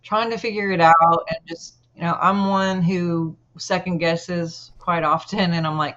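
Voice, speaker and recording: A woman guest telling a personal story in an interview, earnest and halting, with many pauses. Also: fairly low pitch, steady tone, fairly bright tone, muffled recording.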